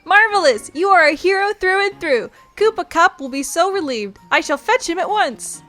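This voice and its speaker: A courtly noblewoman, voiced by a woman speaks in flowery, old-fashioned phrases with theatrical flair. Her fairly high voice stays grand and formal, and faint game music plays underneath. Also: measured pace, a bit bright.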